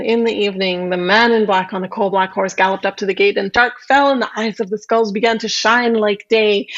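Lady telling a fairy tale, playful and expressive, kinda muffled sound. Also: medium pitch. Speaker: storyteller. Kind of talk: animated folk-tale telling.

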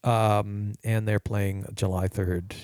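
A man's voice: fairly low pitch, level tone, takes it slowly, a little mellow, clear, resonant tone, no room sound, clean studio sound. A man co-hosting a radio show in casual chat, hesitant, with many uhs and short agreeing replies.

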